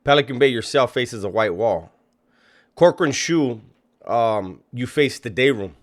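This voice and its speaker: A man's voice: medium pitch, lively intonation, measured pace. A man commenting on a video clip he is playing, mocking and incredulous, swearing freely. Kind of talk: reaction commentary.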